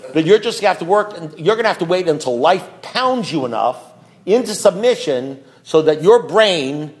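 Sarcastic, animated man telling a story. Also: on the high side. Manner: sarcastic, animated, mock-outraged. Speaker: speaker sharing at a recovery meeting. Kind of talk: storytelling talk to a group.

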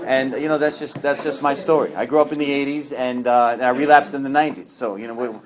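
A middle-aged man speaks to a room of peers, telling his own story in a loose, rambling way. His voice sits in an ordinary middle pitch, earnest and self-deprecating, with plenty of restarts. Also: fairly even intonation, quick pace, crowd noise. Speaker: speaker sharing at a recovery meeting. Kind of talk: personal testimony to a group.

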